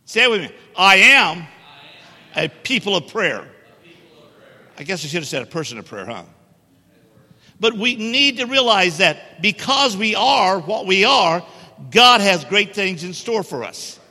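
A middle-aged man preaches with a high, sharply bright voice, pressing his points hard and teasing the congregation. The sound rings with long church hall reverb. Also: sing-song, a little slow, long pauses, breathy edge. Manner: emphatic, joking with the congregation. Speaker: guest preacher. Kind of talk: sermon. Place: church sanctuary.

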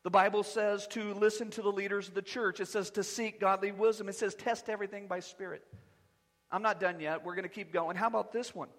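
A man preaching a sermon as pastor, animated and conversational with touches of humor. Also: high-pitched, brisk, in a large hall. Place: church sanctuary.

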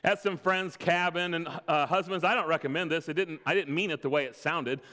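A man's voice: a little high, steady tone, a little fast. A pastor in his thirties giving a sermon with personal stories and self-deprecating humor. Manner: storytelling, self-deprecating humor with quiet laughs. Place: church sanctuary. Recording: long reverb of a large hall.

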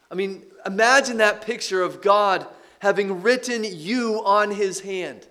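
Male pastor, sermon delivery, higher register, slow emphatic phrasing. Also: fairly bright tone. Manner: preaching, drawn-out emphatic phrases.

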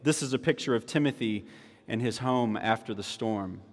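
A man's voice: mid-range voice, normal speed. A male pastor giving a sermon, emphatic and repeating key phrases for weight. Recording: long hall reverb.

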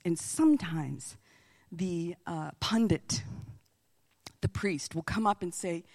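A woman with a lowish, gravelly voice preaches slowly, leaving long pauses. As a missionary speaker, she tells lively stories and drops at times into quiet whispers.

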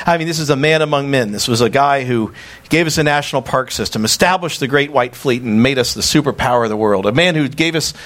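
A man with a Southern US accent preaching a sermon, telling stories with excitement and stammering restarts. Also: mid-range voice.

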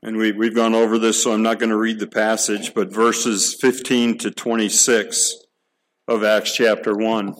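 A man's voice: lowish voice, little pitch movement, normal speed, poor audio. A middle-aged man preaching a sermon, earnest and emphatic, asking the listeners questions and often repeating words as he restarts a thought. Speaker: pastor.

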